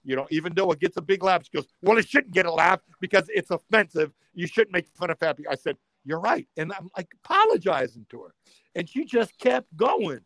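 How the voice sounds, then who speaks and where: Comedian guy telling a story, kinda high voice, acts out every quote. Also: fairly quick, no room sound. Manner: animated storyteller, acts out quotes, builds to loud punchlines. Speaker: comedian guest. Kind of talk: storytelling in casual chat.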